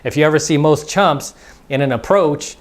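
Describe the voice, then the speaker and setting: A man's voice: a little high, moderate pace. A man giving a casual, conversational dating lesson as a coach, acting out both sides of example conversations. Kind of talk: instructional monologue.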